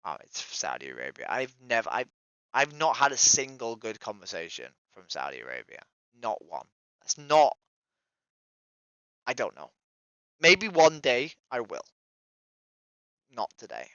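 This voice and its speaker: A woman's voice: a bass voice, huge pitch swings, measured pace, pauses often, a bit bright, lo-fi sound. A woman streaming from home in casual live-stream chat, talking to herself between strangers and swearing freely. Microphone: desk microphone.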